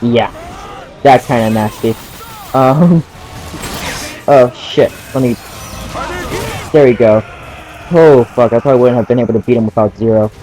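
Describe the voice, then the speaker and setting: Young man, mid-pitch voice, laid-back gameplay commentary, laughs and curses, faint game music behind. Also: a little slow, pauses often, warm tone, poor audio. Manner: casual, laughing, swearing while playing. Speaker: gaming channel host.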